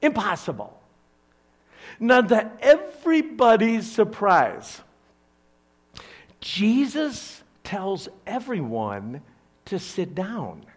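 Animated older male pastor, slow delivery. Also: sits high. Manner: animated storytelling with playful asides. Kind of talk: sermon.

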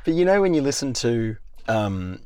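Lively man chatting. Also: medium pitch, normal speed, smooth, no room sound. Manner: lively, playful storyteller. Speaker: co-host. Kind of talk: casual chat.

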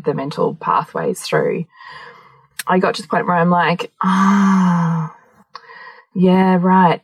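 Animated, husky-voiced woman telling stories. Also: lowish voice, no echo, rough recording. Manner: laughs often, swears, animated storytelling. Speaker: podcast co-host. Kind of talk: casual chat.

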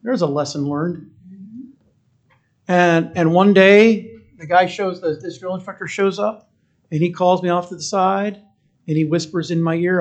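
Husky man telling a personal story. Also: a little high, normal speed, a little mellow. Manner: conversational, with restarts and quoted voices. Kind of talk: storytelling talk.

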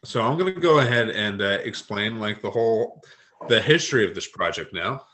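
Casting note: male author guest, lowish pitch, bright edge, hesitant and low-key. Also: animated, moderate pace. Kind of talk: casual interview chat.

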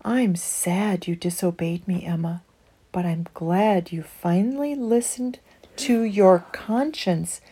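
Woman as a gentle, patient mother. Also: lowish voice, slow pace, slightly rough. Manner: gentle explaining.

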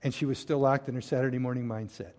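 A man preaching a sermon as a pastor, swinging between loud stressed phrases and hushed, quiet drops. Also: mid-range voice, fairly even intonation, fast talker.

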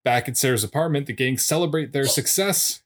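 Man recapping a show in steady narration. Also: medium pitch, a little fast. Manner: steady plot-summary narration with dry asides. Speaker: podcast co-host. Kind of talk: casual recap chat.

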